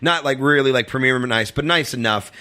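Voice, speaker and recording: A man guesting on a talk show, telling a long rambling story, full of fillers and acting out quotes in a higher voice. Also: a little fast, pushed and bright. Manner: rambling, filler-heavy, acts out quotes in a high voice. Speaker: comedian guest. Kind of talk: casual storytelling chat.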